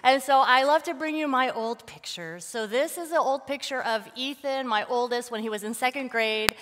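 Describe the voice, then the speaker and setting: Woman, forties, guest church speaker, storytelling, high voice, echoing church hall. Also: moderate pace, background noise. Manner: warm storytelling, acts out her son's shouts. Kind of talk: Mother's Day sermon talk. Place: church sanctuary. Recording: long hall reverb of a church.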